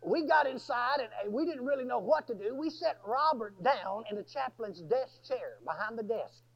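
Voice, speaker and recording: High, gravelly preacher. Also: male voice, moderate pace. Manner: folksy, animated, bursts into shouting. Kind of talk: storytelling sermon. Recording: dull lo-fi sermon recording.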